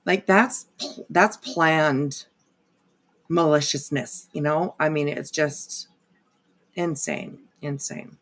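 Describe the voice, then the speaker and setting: A woman's voice: low-pitched, slow pace, long pauses, fairly bright tone. A woman hosting a casual live stream, rambling with lots of fillers and frequent swearing. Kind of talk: casual livestream commentary.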